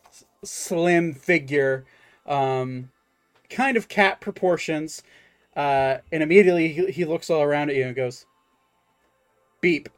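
Male game master, slightly high voice, halting delivery full of fillers, faint music behind. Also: clear, resonant tone. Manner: halting, full of ums and restarts. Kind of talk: narrating a tabletop game.

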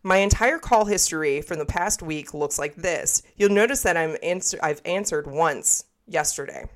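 A woman with a fairly low voice reads a scary story aloud on a casual podcast. She breaks off now and then for laughs and asides. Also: normal speed. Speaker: podcast co-host.

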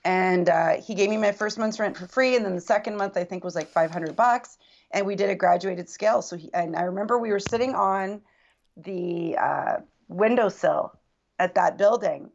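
A woman's voice: mid-range voice, moderate pace, vocal fry, dull audio. A woman guest recounting a personal story in earnest, reflective casual conversation. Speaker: podcast guest.

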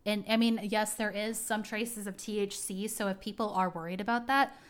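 A woman hosting her own podcast, talking casually and at length in a rambling, heartfelt way. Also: medium pitch. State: tearing up. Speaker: podcast host. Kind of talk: casual personal talk.

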